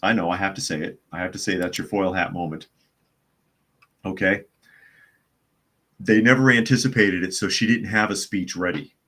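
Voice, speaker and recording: Male host, very low voice, blunt and scornful, casual commentary. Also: steady tone, moderate pace, long pauses, pushed and bright. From US South. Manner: blunt, scornful, repeats phrases for emphasis. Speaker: host of a news commentary stream. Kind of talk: casual opinion commentary, reading news and chat comments.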